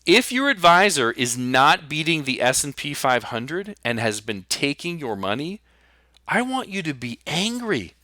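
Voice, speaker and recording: Fired-up man ranting bluntly, bright voice. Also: fairly high pitch, sing-song, a little slow, no room sound, clean studio sound. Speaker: podcast host and retirement planner. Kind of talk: solo podcast monologue.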